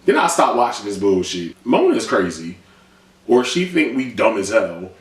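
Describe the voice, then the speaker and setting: With a lowish voice that swoops wildly in pitch, a man at normal speed gives a sarcastic, profane, comedic TV episode recap. He's a loose, blunt vlogger who swears freely. A distant mic picks him up in a roomy room.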